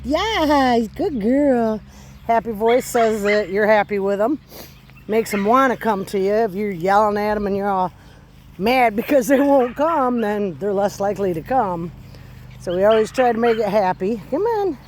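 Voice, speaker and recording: A woman calmly explaining puppy recall training while walking outdoors on her rural property. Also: medium pitch, slight background noise. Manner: calm, unhurried explaining. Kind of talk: casual instructional walk-and-talk.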